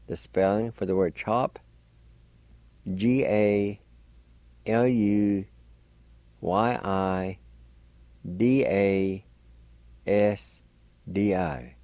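A man's voice: fairly low pitch, mellow, no room sound. A man teaching language on the radio, patiently spelling out and pronouncing words letter by letter. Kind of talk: slow spelling and pronunciation lesson.

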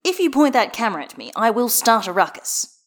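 An easygoing, wry man who teases and grumbles good-naturedly, as a woman reads him in a fan audiobook. His lines sit a little above her narrating voice and move lively. He sounds relaxed. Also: on the high side, a little fast, pitched above the performer's own voice. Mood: teasing. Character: wry, easygoing male figure skater.

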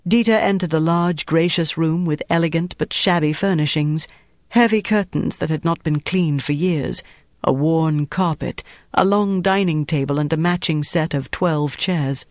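A man narrates a wartime thriller in a steady, measured storytelling voice. His voice sits a little high for a man, and the close recording is dry, with no room sound. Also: no room sound. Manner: measured, even storytelling delivery. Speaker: audiobook narrator. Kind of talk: scripted narration.

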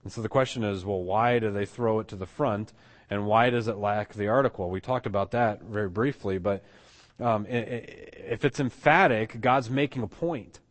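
A man's voice: lowish voice, normal speed. A man preaching a sermon, teaching emphatically and often restarting his phrases. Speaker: pastor.

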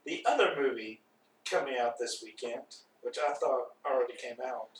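A man's voice: medium pitch, moderate pace, a little hiss or hum. Bantering young man on a roomy podcast. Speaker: podcast host. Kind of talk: casual movie chat. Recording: roomy, distant mic.

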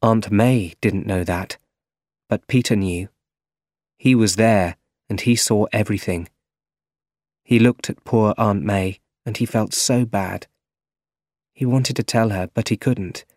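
A man reads a simple story for English learners at a very slow, deliberate pace, every word clear. The recording is close and completely dry, with no room sound. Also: fairly low pitch, darkish tone, dry recording. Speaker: audiobook narrator. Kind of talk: scripted narration of an easy-English story.

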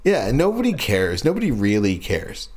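A man co-hosting a podcast in casual chat, talking in a profane, rambling, animated way. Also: on the low side, moderate pace. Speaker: podcast co-host.

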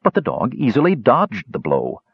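A man narrating a story in an expressive, dramatic reading, in a slightly muffled recording. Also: mid-range voice, normal speed, gravelly, husky, no echo.

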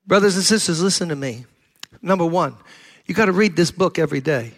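A man's voice: on the high side, a little fast. An older man, a pastor preaching a sermon in a conversational storytelling manner that builds to emphatic exhortation. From Brooklyn, New York.

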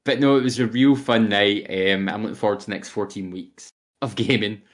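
Young guy rambling about his game streams, lowish voice, easy chatty podcast feel. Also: steady tone, brisk. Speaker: podcast co-host. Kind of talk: casual chat.

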